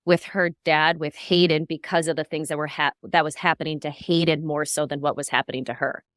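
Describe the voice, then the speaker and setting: Low-voiced woman co-hosting a podcast. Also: steady tone, fairly quick, a bit bright, no echo. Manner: rambling, recounts notes at length. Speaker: podcast co-host. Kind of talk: casual podcast chat.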